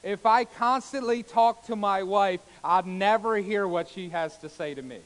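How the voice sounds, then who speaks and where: A man preaching a sermon as a pastor, swinging between loud exclamations and hushed soft passages, with calls of amen and hallelujah. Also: high-pitched, unhurried, poor audio. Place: church sanctuary.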